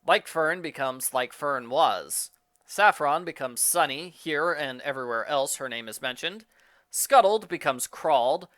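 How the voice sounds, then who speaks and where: A man briskly reading out a matter-of-fact list of changes made to a book. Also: on the high side, expressive, fairly bright tone, no echo, clean studio sound. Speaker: book reviewer listing edits.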